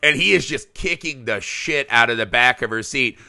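A man in his thirties co-hosting a casual movie podcast, animated and profane, acting out quotes with big jumps in his voice. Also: mid-range voice, normal speed, creaky, dry recording, clean studio sound. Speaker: podcast co-host.

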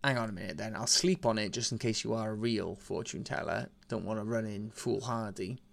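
A man's voice: lowish voice, fairly quick, vocal fry. A man doing a cocky knight. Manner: cocky, swearing. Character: brash young male knight, cocky and swearing.

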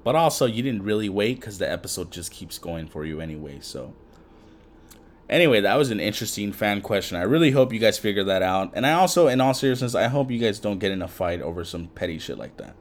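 A man's voice: lowish voice, animated, fast. A man hosting a podcast in casual chat, rambling with heavy swearing and lots of fillers. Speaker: podcast host.

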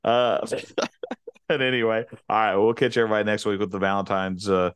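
A man's voice: on the low side, flat delivery, a little fast, fairly bright tone, smooth, no room sound. A man co-hosting a casual podcast, joking around and playing innocent when teased. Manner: jokey, playfully defensive. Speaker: podcast co-host. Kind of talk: casual chat.

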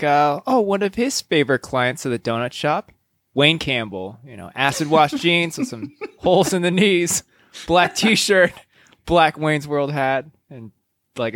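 A man's voice: fairly high pitch, a bit bright, no echo, clean studio sound. A man co-hosting a casual podcast, calling a joke wrestling match in a laid-back, chuckling way. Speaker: co-host. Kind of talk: casual play-by-play banter.

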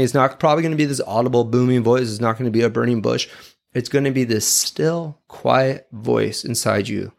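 A man's voice: mid-range voice, normal speed, creaky. A man giving an earnest, confessional, sermon-style talk, reflective and personal. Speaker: speaker giving a devotional talk.

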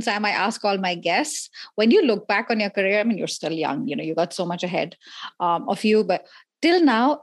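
A woman hosting a podcast interview, chatting in a bubbly, casual way. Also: medium pitch. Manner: bubbly, drops in playful French phrases. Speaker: podcast host.

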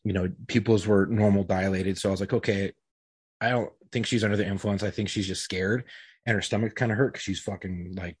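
Husky guy rambling thru a story, swears a ton, dry mic. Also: lowish voice, fairly even intonation, a little fast, dry recording. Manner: profane, rambling, uses lots of fillers. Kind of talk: casual storytelling among friends.

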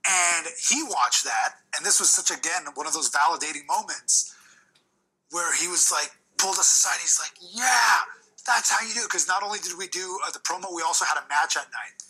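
A man with a husky voice telling a backstage story in an interview clip, animated and slowing down for quotes. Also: a little high, poor audio.

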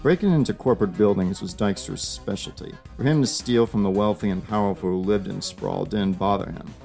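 A man narrates an audio story in a plain, steady reading voice. His voice is low and gravelly. Faint guitar music plays underneath. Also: brisk.

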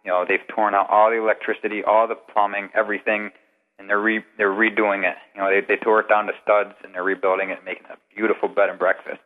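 A man with a somewhat low voice calls into a show as a guest investigator. He tells long, rambling anecdotes in an easy, conversational way. The sound is narrow and phone-like, with a long reverb trailing behind it. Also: little pitch movement, fast. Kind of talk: casual storytelling interview.

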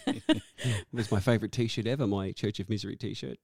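A man's voice: on the low side, steady tone, brisk, gravelly, darkish tone, no echo, clean studio sound. A man co-hosting a casual radio chat, joking and laughing often. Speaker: radio co-host.

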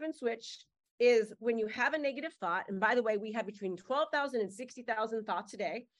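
A middle-aged woman coaching a live webinar on a video call, upbeat and fast-talking, calling out names from the chat. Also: a little high, a bit bright. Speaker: marketing coach.

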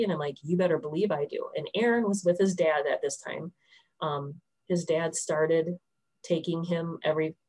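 A woman's voice: on the low side, a little mellow, low-quality recording. A woman in her thirties telling her personal faith testimony in a candid, storytelling way, with frequent restarts. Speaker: testimony speaker.

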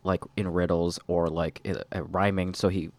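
A man's voice: deep voice, level tone, moderate pace, no echo. A man chatting casually with friends, adding jokes. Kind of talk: casual comedic chat.

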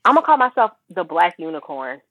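A woman's voice: fairly low pitch, very animated, fast talker, no echo. A woman guest on a podcast, talking in a casual, confident, slangy way and laughing often. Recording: dry, tinny phone-like line.

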